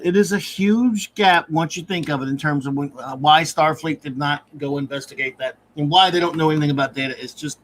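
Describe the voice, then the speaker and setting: A man hosts a review podcast and talks in a relaxed, wry way. His voice sits a little higher than most men's, and his sentences tend to trail off into mutters. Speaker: podcast host. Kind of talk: casual review chat.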